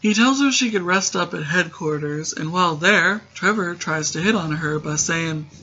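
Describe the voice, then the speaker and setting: Male recapper, sarcastic and rambling, bright voice on a muffled lo-fi recording. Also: high-pitched, moderate pace, hardly any pauses, husky. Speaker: show recap host. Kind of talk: casual comedic TV recap. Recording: dull lo-fi recording.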